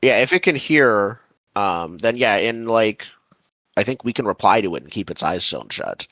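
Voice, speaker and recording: Deep-voiced halting tabletop player. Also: male voice, lively intonation, fairly bright tone, no echo. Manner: thinking aloud, halting. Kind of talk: casual tabletop game chat.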